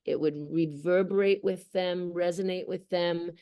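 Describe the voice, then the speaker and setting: A woman's voice: on the low side, steady tone, a little slow, warm tone, smooth. A woman actress being interviewed, speaking earnestly and emotionally about her work. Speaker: voice actress guest. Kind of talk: interview conversation.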